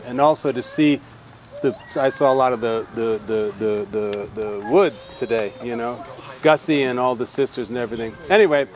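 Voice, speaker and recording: A man telling family stories at a graveside gathering, rambling and halting with restarts. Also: medium pitch, noisy background. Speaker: family member sharing memories. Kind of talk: graveside remembrance storytelling. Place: outdoors at a graveside.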